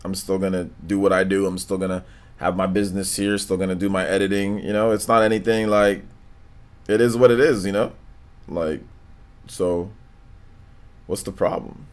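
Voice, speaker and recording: A man hosting a live stream in an unhurried, monotone drawl, reading out viewer comments and chatting between them. His voice sits a little low, and his talk is loose, slangy, and full of fillers. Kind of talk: casual stream chat, reading donations and comments.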